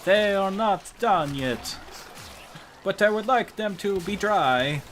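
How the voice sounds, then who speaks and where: A man putting on the voice of a solemn Nordic warlord praying to his god, declaiming slowly and grandly in a raised voice. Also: sits high, animated, a bit bright, soft background music, voice pushed up, full character voice. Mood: mock solemn.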